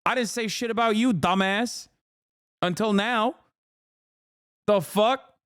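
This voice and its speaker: Guy ranting on stream, swears a ton, kinda high pitched, dry mic. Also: takes it slowly, fairly bright tone, clear, resonant tone, dry recording. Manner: profane, ranting, sarcastic, exasperated. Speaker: streamer and political commentator. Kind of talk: live-stream commentary reacting to news clips.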